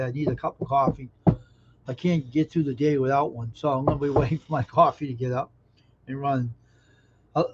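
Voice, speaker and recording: Man, live-stream host, casual chat, grumbly and cussing at his gear, greets viewers by name, dull muffled sound, faint background noise. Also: medium pitch. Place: at home by his computer. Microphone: earbuds linked to phone.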